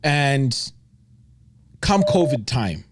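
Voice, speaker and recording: A man's voice: medium pitch, sing-song, extremely slow, noisy background. A man hosting a live stream, chatting casually and agreeing often with his guest. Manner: chatty, frequent agreeing murmurs. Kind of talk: casual interview chat.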